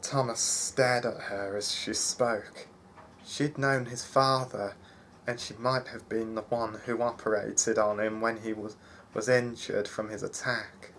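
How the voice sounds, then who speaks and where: A man reading a fantasy story aloud in a halting way, with frequent restarts. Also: fairly low pitch, fairly even intonation, a bit bright, a little hiss or hum. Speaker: narrator.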